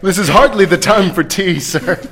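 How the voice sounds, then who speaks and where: Gm guy voicing a stiff formal governor, kinda high voice, a bit evasive. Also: moderate pace, crowd noise. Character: stuffy male town governor, formal and evasive.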